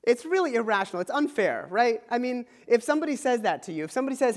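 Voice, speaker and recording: High-voiced preacher in a reverberant hall. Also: male voice, big pitch swings, fast talker, few pauses. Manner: informal, checks in with "okay?" asides; chuckles while explaining. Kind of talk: conversational sermon.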